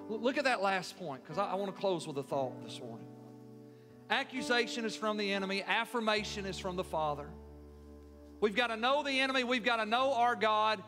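A man preaching a sermon, building emphasis and then dropping into soft, tender lines. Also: high voice, lively intonation, a little fast, big-room sound, music in the background. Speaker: pastor.

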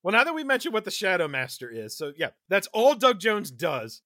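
A man hosting a podcast, recapping a film in casual chat, animated and quick to laugh. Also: high-pitched, no echo, studio quality. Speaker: podcast host.

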